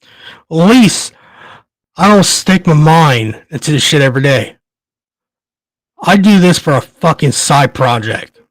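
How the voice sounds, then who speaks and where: A man hosting a podcast speaks in a fairly high, lively voice, a little slowly and with frequent pauses, and no room sound is audible. His commentary is a furious, stammering tirade laced with heavy profanity as he shakes with anger.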